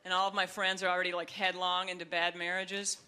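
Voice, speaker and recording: A young woman doing a stand-up comedy set, talking in a wry, chatty way and breaking into high, shrill voices for the people she acts out. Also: flat delivery, fairly quick, bright, forceful tone. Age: young adult. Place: comedy stage before a live audience. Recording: live club set with audience laughter.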